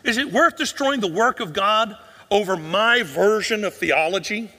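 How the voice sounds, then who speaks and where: A man's voice: sits high, normal speed, pushed and bright, long reverb tail. A male pastor preaching a sermon, asking the congregation rhetorical questions and sometimes dropping almost to a whisper for emphasis.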